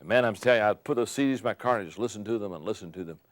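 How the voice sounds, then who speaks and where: An older man giving an emphatic motivational talk on leadership, repeating key phrases and building to loud peaks. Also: lowish voice, racing, dry recording, clean studio sound. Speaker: speaker on leadership.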